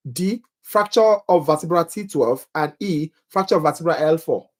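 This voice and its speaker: Speaking at a normal pace in a voice on the high side, a man leads a live exam-prep review for nursing students. He reads questions and answer choices aloud, quizzes viewers, and jokes about his own accent.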